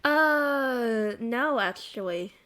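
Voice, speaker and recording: A high-voiced woman with an American accent trades casual banter as a co-host. She laughs easily and swears freely, pushing back playfully whenever she's teased. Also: lively intonation, drawn-out words, fairly bright tone.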